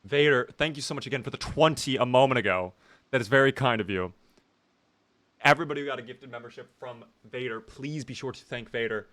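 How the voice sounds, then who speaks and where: Young male streamer, mid-range voice, quick to react and chatty with his viewers. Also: mid-range voice. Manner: excitable, reactive, thanks viewers often. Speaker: game streamer. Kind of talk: live gameplay commentary.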